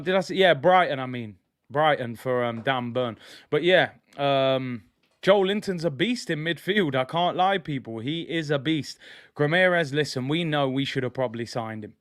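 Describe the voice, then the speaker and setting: A young man hosting a live football watch-along, chatting excitedly to viewers in slang. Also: medium pitch, no echo, clean studio sound. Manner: excitable, slang-heavy, addresses viewers directly. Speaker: football fan channel host.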